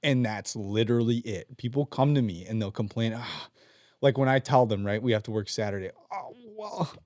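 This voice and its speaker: A man's voice: lowish voice, quick pace, a little mellow, dry recording, clean studio sound. Profane ranting man on a podcast. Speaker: podcast co-host; team leader at work. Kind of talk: casual chat.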